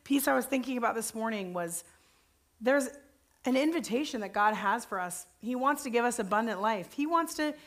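A woman's voice: a little high, lively intonation, normal speed. Candid, chatty woman pastor. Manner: candid, informal, uses "like" and "you know" often. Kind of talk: conversational faith talk.

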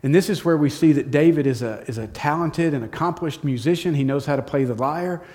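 A man teaching from the Bible, telling the story in a casual, lively way and acting out the quotes. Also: fairly high pitch, a little fast. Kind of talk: storytelling sermon.

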